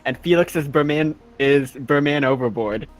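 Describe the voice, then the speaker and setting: A man playing a tabletop game, cracking quick jokes with giggles. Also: a little high, soft background music, low-quality recording. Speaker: player. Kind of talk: casual chat at a tabletop game.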